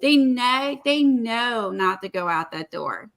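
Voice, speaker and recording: A woman's voice: fairly high pitch, animated, slow, vocal fry, fairly bright tone. A woman, chatting casually as an art vlogger and telling a story with lots of fillers. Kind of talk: casual chat.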